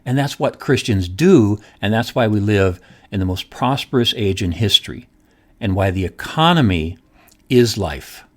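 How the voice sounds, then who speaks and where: A man's voice: fairly low pitch, expressive, normal speed. A middle-aged man hosting a solo podcast, speaking emphatically and asking rhetorical questions. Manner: emphatic, repeats points, asks rhetorical questions. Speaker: podcast host, economist.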